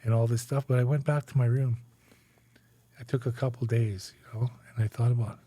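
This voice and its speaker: Speaking at a medium pitch with fairly even intonation, a mellow tone and a slightly fast pace, a man in his forties from Canada recounts his life candidly as an interview guest. His chatty sentences often end in "right?" or "eh?".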